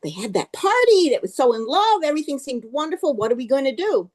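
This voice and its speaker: A woman's voice: high-pitched, very animated, fast talker, pitched above the performer's own voice. A woman voicing an upset grown daughter in a joke, talking in alarm.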